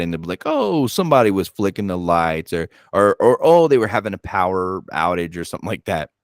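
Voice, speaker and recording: A man hosting a paranormal channel, chatting casually and telling animated stories, swearing and acting out his own reactions. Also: on the low side, no room sound, studio quality. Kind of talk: casual chat.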